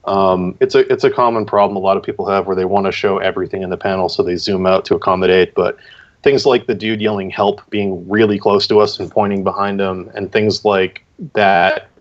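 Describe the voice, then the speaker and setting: Low-voiced man giving rambling critique. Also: fairly even intonation, brisk. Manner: rambling, filler-heavy feedback. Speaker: guest judge critiquing comics. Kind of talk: casual critique on a livestream. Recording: dull lo-fi stream audio.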